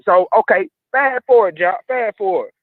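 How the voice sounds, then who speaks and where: A man's voice: sits high, normal speed, dry recording. A man from Atlanta calling in to tell a story in a blunt, profane, emphatic way. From Atlanta, USA. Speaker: caller. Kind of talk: call-in storytelling. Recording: dull, dry phone-in audio.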